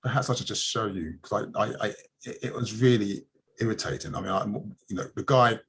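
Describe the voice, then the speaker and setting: A man's voice: lowish voice, a little fast, a bit bright. A man hosting a community news livestream, chatting casually and telling stories with plenty of fillers and restarts. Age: adult, married.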